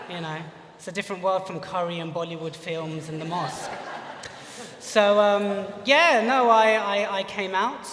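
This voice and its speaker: A man's voice: high-pitched, fairly even intonation, moderate pace, a crowd in the background. A young British man telling a funny personal story on stage at a live lecture, chatty and full of "you know". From United Kingdom. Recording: echoey hall from far off.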